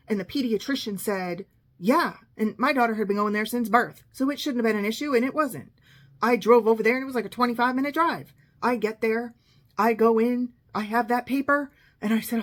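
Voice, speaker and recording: A woman's voice: fairly high pitch, a little fast. Sarcastic middle-aged woman telling a story. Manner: sarcastic, exasperated, quotes others in the story. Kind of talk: casual storytelling monologue.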